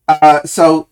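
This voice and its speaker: Casting: podcast co-host who keeps restarting sentences, mid-pitched, casual book chat. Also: darkish tone. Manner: halting, many restarts and self-corrections.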